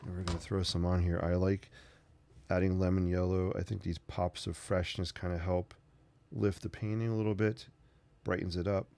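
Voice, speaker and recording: A man's voice: deep voice, level tone, normal speed, creaky, dark tone. A man hosting a casual painting tutorial, rambling through chatty asides as he works. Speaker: sketching channel host.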